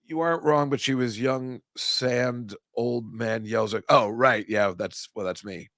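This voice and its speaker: A man's voice: mid-range voice, measured pace, fairly bright tone, dry recording, studio quality. An older man, hosting a casual chat show and ranting with self-mocking asides. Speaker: host. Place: comedy club studio.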